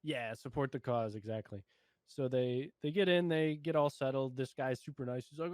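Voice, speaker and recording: A man's voice: medium pitch, moderate pace, a little mellow, no echo. A young man co-hosting a casual show review, recapping scenes in an easygoing way, laughing often and stopping to find words.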